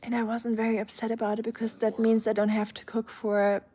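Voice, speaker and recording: A woman with a German accent chats through a relaxed live stream, reading comments aloud and answering them one by one. Her voice sits slightly high, and her talk is easygoing and conversational. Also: brisk. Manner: chatty, reads out and answers chat comments. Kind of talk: casual live-stream chat.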